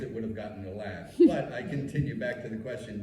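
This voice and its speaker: A man's voice: mid-range voice, expressive, brisk, warm tone. A man in his fifties from New York City, a rabbi reading his memoir aloud with a wry storytelling delivery and asides. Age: 50s. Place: meeting room. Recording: echoey room, mic far off.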